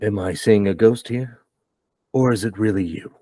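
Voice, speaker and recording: A man's voice: fairly low pitch, normal speed, warm tone, dry recording, studio quality, close to an everyday voice. A man voicing a stern, grieving older father who runs a dojo, speaking formally in a tabletop game.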